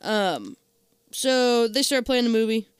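Podcast co-host, casual, joking, smooth clear voice, dry sound. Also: medium pitch, expressive, slow, dry recording. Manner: joking, heckling with repeated boos. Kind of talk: casual chat retelling a movie plot.

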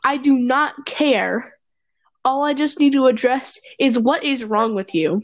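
A woman with a high voice co-hosts a loose podcast chat. She teases her friend relentlessly, rants and swears freely, and slips into mocking impressions of other people. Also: slight background noise. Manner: teasing, ranting, heavy swearing; quick mock impressions of others. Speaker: podcast co-host. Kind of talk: casual chat.

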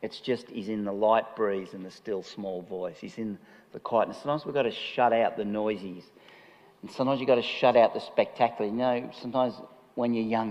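Jokey pastor in a big hall. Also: male voice, lowish voice, a little mellow, dull audio. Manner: jokey, chatty, laughs often. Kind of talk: conversational sermon. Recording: long reverb of a large hall.

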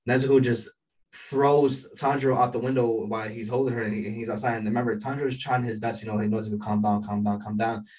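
A man recaps an episode in a loose, rambling way, piling on fillers and bursting into excited reactions. He sits a little away from the microphone, so his voice sounds slightly distant. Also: mid-range voice, quick pace. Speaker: anime episode reviewer.

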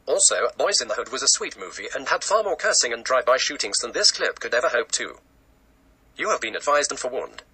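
A man reading a mock-formal warning disclaimer for a comedy show in a deadpan, official-sounding way. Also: mid-range voice, fast, slightly rough, rough recording. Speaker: show announcer.

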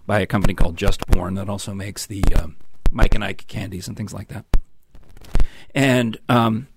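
Gravelly low-voiced older man chatting. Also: fairly even intonation, moderate pace, noisy background. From New York. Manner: chatty storyteller, many ums and asides. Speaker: host of a live show. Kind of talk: rambling casual chat to viewers.

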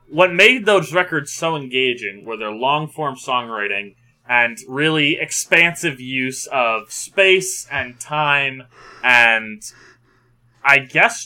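A young man talks casually on a music podcast, thinking aloud and hedging his opinions. His voice is bright, and his pitch moves a lot. He comes across as lively. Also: takes it slowly. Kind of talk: casual chat.

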